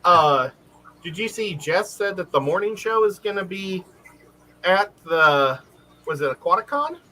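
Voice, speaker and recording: A man co-hosting a casual live stream, telling stories in an animated way and laughing often. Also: sits high, a little slow, slight background noise, poor audio. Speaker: livestream co-host.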